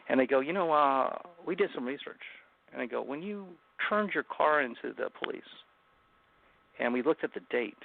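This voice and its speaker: A man with a gravelly, rough-edged voice recounts a personal story as a guest on an interview show. He tells it intensely, acting out what each person said. The sound is thin and tinny, like a phone line. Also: mid-range voice. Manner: intense, dramatic first-person retelling with acted-out quotes. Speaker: guest author.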